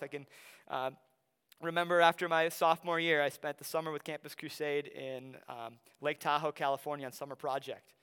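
Give me a bright, smooth-voiced young man with an Upper Midwest accent preaching a sermon in a church sanctuary. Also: fairly high pitch. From Wisconsin. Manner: conversational preaching with acted quotes, drops soft for emphasis. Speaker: pastor. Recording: long hall reverb.

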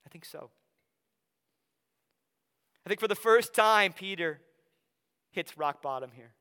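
A young man from Wisconsin with an Upper Midwest accent, preaching a sermon in a conversational way, often dropping soft for emphasis. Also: high-pitched, lively intonation, slow pace, clean tone. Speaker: pastor. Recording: long hall reverb.

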